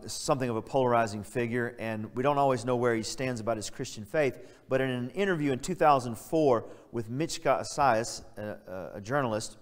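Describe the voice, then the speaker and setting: A male pastor preaching a sermon, earnest and emphatic, stressing key words as he builds his point. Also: medium pitch. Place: church sanctuary. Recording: church hall reverb.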